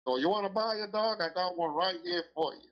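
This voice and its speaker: A man mimicking a brash, high-pitched dog dealer. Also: a little fast, natural voice. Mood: boastful. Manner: loud, swaggering sales patter. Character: brash, pushy older man who breeds and sells dogs. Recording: dull lo-fi audio.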